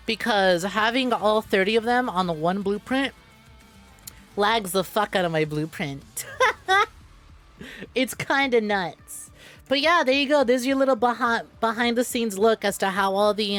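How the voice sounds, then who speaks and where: A woman streamer chats casually into a close mic, her voice sitting a little high. She rambles, swears freely and jumps from heated rants back to laughing. Soft music plays faintly behind her. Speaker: VTuber streamer. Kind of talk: casual live-stream chat.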